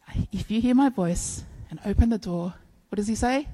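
A woman preaching a sermon, telling stories in an animated way and acting out playful bits of dialogue. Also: mid-range voice, moderate pace, low-quality recording.

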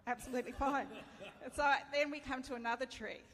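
A woman's voice: high-pitched, fairly even intonation, fast, a bit bright. Woman preaching in a reverberant hall. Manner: candid, self-deprecating, laughs often. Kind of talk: sermon with personal story. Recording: reverberant hall, faint ambience.

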